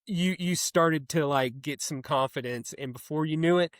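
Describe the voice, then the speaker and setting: A man co-hosting a metal podcast, telling stories in an animated, chatty way with frequent laughter. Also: fairly high pitch, normal speed, dry recording, studio quality. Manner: animated storyteller, laughs often. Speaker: podcast co-host. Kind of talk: casual chat.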